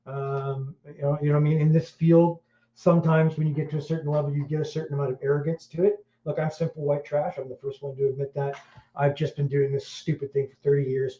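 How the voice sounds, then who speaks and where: A man's voice: a little high, a little mellow. A middle-aged Welsh man hosting a podcast in casual chat, blunt and crude, rambling with many fillers. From Wales. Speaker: podcast host. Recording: roomy, dull lo-fi sound.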